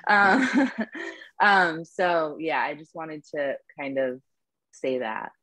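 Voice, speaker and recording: A woman's voice: low voice, expressive, takes it slowly, bright, forceful tone, no room sound. A woman who stutters, speaking as an advocate on an online panel, with repeated words and restarts.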